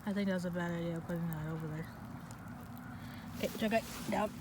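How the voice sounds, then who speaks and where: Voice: medium pitch, steady tone, fairly quick. A vlogger chatting casually to their dog outdoors, playful and laughing, with some casual swearing, recorded on a handheld phone. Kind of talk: casual vlog, talking to a dog. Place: outdoors in a yard by a fire. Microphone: phone held in hand. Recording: outdoor phone recording with clear background noise. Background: dog moving about, outdoor ambience.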